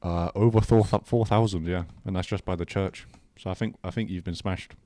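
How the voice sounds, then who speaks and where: A man co-hosting a casual podcast, blunt and deadpan with provocative jokes. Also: low voice, moderate pace. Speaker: podcast co-host. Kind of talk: casual chat.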